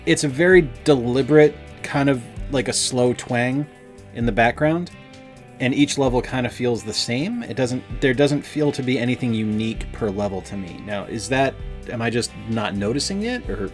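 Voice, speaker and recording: A man with a middle-pitched voice chats excitedly through a game review, circling back and stacking up fillers as he goes. Soft guitar music plays faintly underneath. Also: normal speed. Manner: enthusiastic, rambling with many fillers. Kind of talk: casual review chat.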